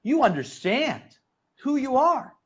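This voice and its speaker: A man hosting an interview, speaking slowly and emphatically and praising his guest. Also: very high voice, big pitch swings. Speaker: interview host. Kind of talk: interview conversation. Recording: dull lo-fi audio.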